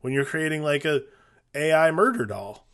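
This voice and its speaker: A man's voice: fairly high pitch, expressive, moderate pace, fairly bright tone. A man co-hosting a film podcast, talking casually and working through his thoughts with restarts. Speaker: podcast co-host.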